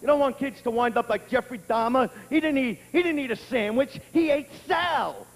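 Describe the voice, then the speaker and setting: A male stand-up comedian telling a brash, profane routine who bursts into shouting. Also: very high voice, a little fast. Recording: echoey hall with clear noise.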